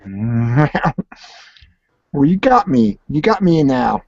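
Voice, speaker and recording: A man's voice: fairly high pitch, sing-song, moderate pace, vocal fry, darkish tone, husky, dry recording. A man hosting a casual late-night voice chat, playful and theatrical, meowing and laughing. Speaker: chat room host. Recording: dull lo-fi dry voice chat audio.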